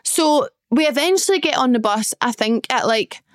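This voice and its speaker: A young woman host talks straight into a close, dry mic. Her voice sits a little high and comes across smooth and clear. She gushes through a casual story and swears freely. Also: animated, moderate pace, no room sound. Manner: chatty, gushing, swears casually. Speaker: podcast host.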